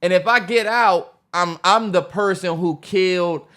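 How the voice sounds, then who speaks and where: Animated man co-hosting a casual podcast. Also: measured pace. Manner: animated storyteller, voice jumps high when acting out stories. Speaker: podcast co-host. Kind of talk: casual chat.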